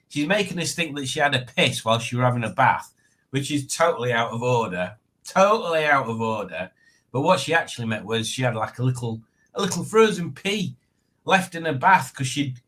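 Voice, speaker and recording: This livestream host has a medium-pitched, fairly bright voice. He keeps up a casual, rambling chat with his audience, often making jokes at his own expense.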